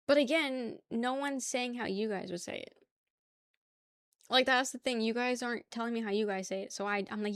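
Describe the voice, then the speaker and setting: A woman's voice: fairly high pitch, normal speed, pauses often, dry recording, studio quality. A young woman from the New York area chatting casually with her stream chat, joking, laughing and rambling.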